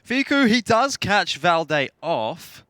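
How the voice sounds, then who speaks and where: A man commentating an esports match with a slightly raised, bright voice. He sounds measured and relaxed, and he slips dry humor in between rounds. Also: high-pitched, clean tone, no room sound. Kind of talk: analytical commentary.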